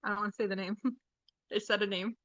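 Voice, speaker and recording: A woman hosting a live-streamed seance, listening to a spirit box and puzzling over faint messages in a hushed way. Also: medium pitch, fairly even intonation, fast, no room sound, dull audio. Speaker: host.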